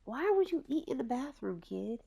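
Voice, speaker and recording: A woman's voice: a little high, big pitch swings, normal speed, vocal fry, dark tone, highs cut off, a little hiss or hum. A woman casually narrating a life-sim game story, retelling scenes in a chatty way.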